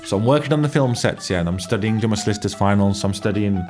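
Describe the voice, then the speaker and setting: Brief: man, radio host, slangy storyteller, fairly low voice, music playing behind. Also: animated, quick pace, darkish tone. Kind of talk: comic radio monologue.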